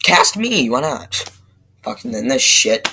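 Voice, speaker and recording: Bright-voiced young man ranting profanely. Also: mid-range voice, slow pace, creaky, a little hiss or hum, low-quality recording. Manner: profane, excitable, rambling with many fillers and restarts. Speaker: movie reviewer. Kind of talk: casual rant-style movie review.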